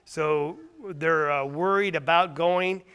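A man preaching a sermon, emphatic and full of rhetorical questions, swinging between loud stressed lines and quiet asides. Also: on the high side, slow pace, clear, resonant tone.

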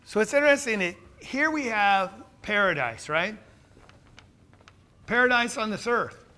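A man preaching a sermon, asking the listeners questions and answering them himself, building to emphatic, louder points. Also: high-pitched, expressive, unhurried.

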